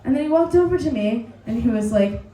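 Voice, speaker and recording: A woman hosting a comedy night, telling an animated story full of laughs and swearing before introducing the next comic. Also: on the high side, fairly quick, roomy sound, low-quality recording. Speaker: comedy show host. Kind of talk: stand-up host introduction. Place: pub comedy stage.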